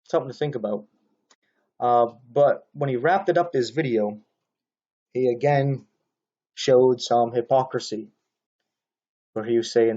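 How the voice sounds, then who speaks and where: A man's voice: medium pitch, measured pace, long pauses, mellow, lo-fi sound. A man talking casually into his own camera, commenting on another preacher's video in a rambling monologue full of fillers and restarts.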